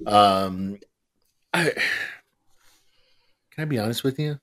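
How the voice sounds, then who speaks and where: A man co-hosting a chatty podcast, full of wry, grumbling complaints that he plays up for laughs. His voice swings widely in pitch as he talks, leaning on exaggeration and mock outrage. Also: lively intonation, slow pace, fairly bright tone. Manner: sardonic, complaining, playfully exaggerated. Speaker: podcast co-host. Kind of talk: casual chat.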